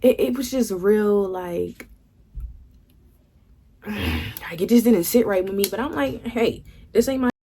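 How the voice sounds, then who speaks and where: A woman's voice: mid-range voice, big pitch swings, takes it slowly, long pauses, mellow, husky. A young woman vlogger telling a candid storytime, swearing freely and acting out what her friends said. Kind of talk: casual storytime.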